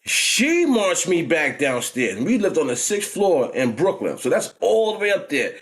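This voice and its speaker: Brief: New York man, forties, vlogger telling street stories, slangy, lively pitch, slightly high voice. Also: moderate pace. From New York, United States. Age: 40s. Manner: animated, laughing, street slang with frequent "you know what I'm saying". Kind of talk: casual storytelling.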